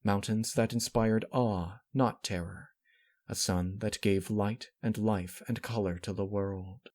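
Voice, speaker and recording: A man narrating a dark fan fiction story in a steady, somber reading voice. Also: on the low side, takes it slowly.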